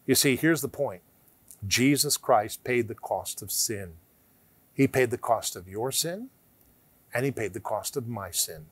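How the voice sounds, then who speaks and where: A man's voice: medium pitch, lively intonation, measured pace, breathy edge, no room sound. Emphatic man teaching the Bible. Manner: emphatic, rhetorical questions, often drops to a hushed tone.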